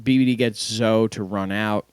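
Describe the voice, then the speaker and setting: A man co-hosting a casual sports recap over an online call, walking through the plays in a relaxed way. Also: fairly low pitch, normal speed, clear, resonant tone, dry recording. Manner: relaxed, play-by-play recounting with fillers. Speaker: podcast co-host.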